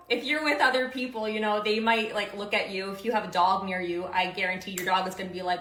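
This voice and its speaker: A woman's voice: mid-range voice, brisk, fairly bright tone, roomy sound, poor audio. A woman strength coach giving upbeat, casual instructions with slang and countdowns for kettlebell lifts.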